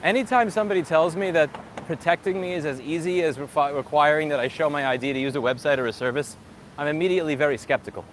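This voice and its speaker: A man's voice: on the high side, fast talker, a little hiss or hum. Sarcastic man ranting on a street. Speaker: tech streamer. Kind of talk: casual live chat walking outdoors.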